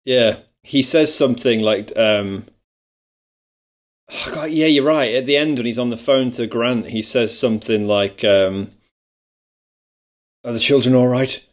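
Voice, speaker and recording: A man talks through films with his podcast co-host in relaxed, chatty conversation. His voice sits in a middle pitch, and he laughs easily as he goes. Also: a little slow. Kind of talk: casual film discussion.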